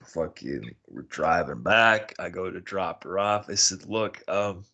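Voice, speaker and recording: A man's voice: unhurried, sharp tone, muffled recording. A man hosting a podcast, casually telling a personal story with lots of swearing and exasperated, bewildered outbursts. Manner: profane, exasperated, bewildered retelling with sudden high-pitched outbursts. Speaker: podcast host.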